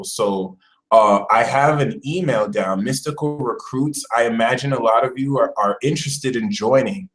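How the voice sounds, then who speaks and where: A man hosting a casual astrology live stream, talking in a chatty, animated way and putting on mock voices. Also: mid-range voice, rough recording. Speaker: astrology channel host.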